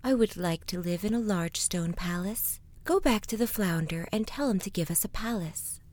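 A woman's voice: mid-range voice, moderate pace, darkish tone, close to an everyday voice. A woman voicing a greedy, demanding fisherman's wife in a fairy tale read-aloud. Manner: pushy, insistent.

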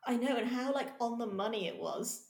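A woman from England co-hosting a podcast in casual, animated chat. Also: on the high side, brisk, echoey room. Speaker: podcast co-host. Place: London.

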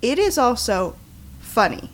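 A woman co-hosting a casual book chat, enthusiastic and quick to read passages aloud. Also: on the high side, very animated, a little hiss or hum. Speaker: podcast co-host.

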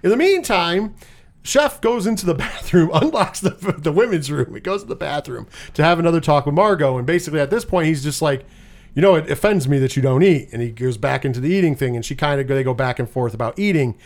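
Talking fast in an animated, slightly high voice, a man walks through a film's story on a podcast as a co-host. It's casual recap chat: rambling, profanity-laced, with the characters' lines acted out.

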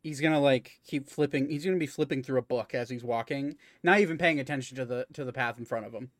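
A man runs a tabletop game, narrating the scene with frequent pauses and fillers. His voice is mid-pitched and recorded dry and close. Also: no echo. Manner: hesitant, many fillers. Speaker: game master.

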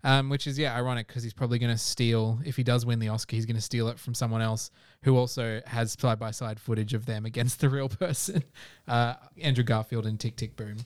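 Smooth-voiced man, relaxed. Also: mid-range voice, fairly quick, few pauses, no echo, studio quality. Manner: relaxed, filler-heavy. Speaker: podcast co-host. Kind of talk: casual chat reviewing movies.

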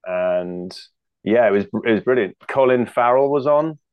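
A man's voice: mid-range voice, lively intonation, normal speed, clear, resonant tone, no echo, narrow, tinny audio. A man with a British accent, a guest comedian chatting casually, rambling and joking with many restarts. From United Kingdom. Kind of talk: casual chat.

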